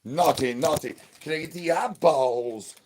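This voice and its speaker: A man's voice: on the high side, unhurried, darkish tone. Playful man chanting rhyming nonsense. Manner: sing-song rhyming nonsense words; playful, crude and boastful. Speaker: livestream host in a zombie persona. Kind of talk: in-character comedic livestream chatter.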